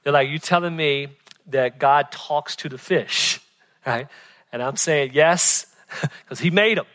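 A man in his forties preaching a sermon in a chatty, storytelling way, often asking "right?" and laughing, swinging between loud excited bursts and hushed moments. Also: a little high. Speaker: pastor.

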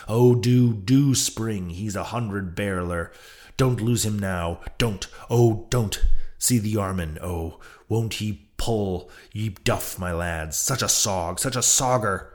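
A giddy, frantic young whaler, pleading and crowing in a rush, as a man reads him aloud. The base voice is low, lifted into eager, breathless cries. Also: lively intonation, unhurried, few pauses, a little mellow. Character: excitable frantic young male whaling mate. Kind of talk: audiobook character voice.

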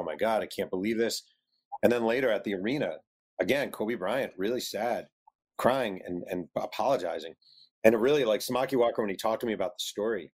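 Male author, lowish voice, animated storyteller who acts out quotes. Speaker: author guest. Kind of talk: telling a story in an interview.

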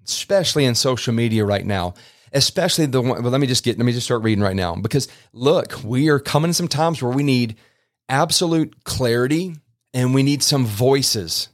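A man's voice: medium pitch, animated, moderate pace. A man hosting a faith podcast, talking earnestly in a loose, rambling way with many restarts. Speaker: podcast host. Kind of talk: casual podcast preaching. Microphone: podcast microphone.

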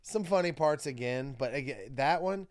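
A man in casual chat among friends, talking in an animated, rambling way with lots of fillers, restarts and swearing. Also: fairly high pitch, moderate pace, a loud crowd.

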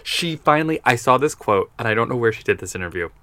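A man co-hosting a podcast in casual chat, gushing and animated, with lots of "like". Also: medium pitch, fast talker, no echo. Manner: gushing, animated, says "like" often. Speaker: podcast co-host.

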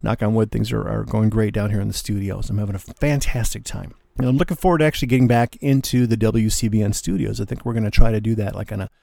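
A man's voice: fairly low pitch, fairly even intonation, quick pace, gravelly, few pauses, warm tone, no room sound, studio quality. A man hosting a radio music show, chatting casually and enthusiastically about the records he plays.

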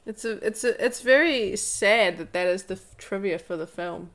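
A woman's voice: mid-range voice, normal speed. A woman co-hosting a podcast, chatting casually and sarcastically, and reading a book aloud. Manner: sarcastic, animated. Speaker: podcast co-host.

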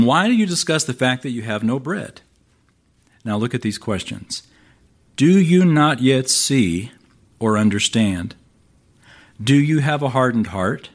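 A man of medium pitch preaching from the pulpit. He talks in a plain, conversational way, with dry humor in his asides. When he reads scripture he puts real emphasis on the questions. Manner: conversational, wry asides, lively quoting of scripture. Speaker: pastor. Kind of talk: sermon.

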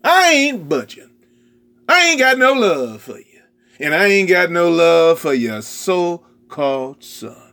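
A man's voice: a little high, sing-song, takes it slowly, gravelly, sharp tone, voice pushed down, heavily acted. A man preaching voices a sullen, resentful older brother who bluntly refuses to budge. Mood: defiant. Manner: blunt, defiant, stubborn refusals.

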